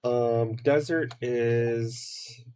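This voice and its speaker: A streamer chatting casually through a game, humming little tunes to herself and filling pauses with ums. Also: female voice, rumbling low, fairly even intonation, warm tone, slight background noise. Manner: rambling, hums to self, many fillers. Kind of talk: casual gameplay commentary.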